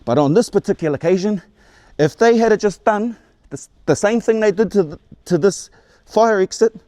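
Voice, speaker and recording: A New man in his forties rambles through his own story for his viewers. He restarts and repeats words as he goes and swears without a second thought. His voice sits a touch high for a man, with a mellow, warm tone and a dry, close sound. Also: moderate pace, no echo. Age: 40s. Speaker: vlogger. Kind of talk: casual storytelling to camera.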